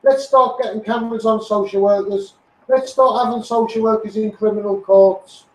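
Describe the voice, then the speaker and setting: Ranting to his followers live, this English campaigner, whose accent mixes Scouse and Essex, greets viewers by name and keeps repeating himself. His high voice holds fairly even intonation at normal speed, sounding distant in an echoey room on poor audio.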